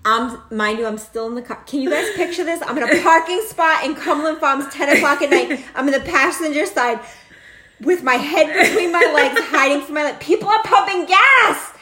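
A middle-aged woman telling a casual anecdote, animated and laughing often, swearing freely. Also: sits high, moderate pace, reverberant. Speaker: storyteller.

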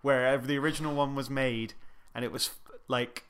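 A man's voice: mid-range voice, steady tone, moderate pace, a bit bright, smooth. A man co-hosting a casual film podcast, building his opinions thoughtfully with many "like"s and "I reckon"s. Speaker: podcast co-host. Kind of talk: casual film review chat.

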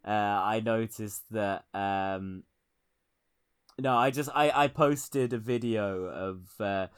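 A man's voice: lowish voice, slow pace, clear, resonant tone. A man co-hosting a casual political podcast, wry and rambling, often laughing at his own jokes. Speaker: podcast co-host.

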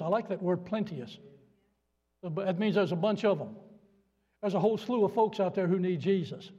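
Older man, folksy joking sermon, high voice, husky, long church reverb, dull sound. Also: moderate pace, long pauses, dark tone. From Virginia. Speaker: guest preacher. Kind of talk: sermon with jokes. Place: church sanctuary.

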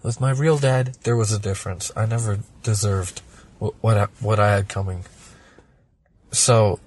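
A man's voice: lowish voice, fairly even intonation, normal speed, darkish tone, a little hiss or hum. A man originally from Germany, talking casually as a podcast guest, rambling and swearing through a personal story.

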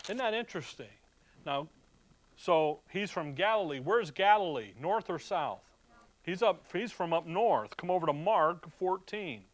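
A man's voice: high voice, expressive, measured pace. A middle-aged man as a pastor, preaching in a conversational way and reading scripture aloud to his church. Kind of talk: sermon.

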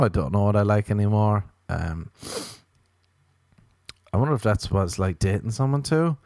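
This is a young Irish man hosting a podcast, his voice on the low side and dark in tone at normal speed. He rambles and curses through a casual comic monologue, slipping into playful quoted voices, in a dry recording with clean studio sound.

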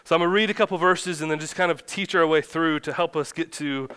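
Smooth-voiced pastor telling a funny story. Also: male voice, a little high, fast talker. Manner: chatty, self-deprecating, animated when acting out the story. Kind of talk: conversational sermon with humorous storytelling. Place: church sanctuary.

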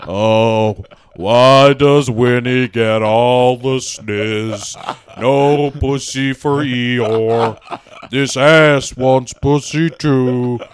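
A man voicing a depressed, gloomy male cartoon donkey in a slow, droning, mopey drawl. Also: mid-range voice, clear, resonant tone, no echo, pitched below the performer's own voice.

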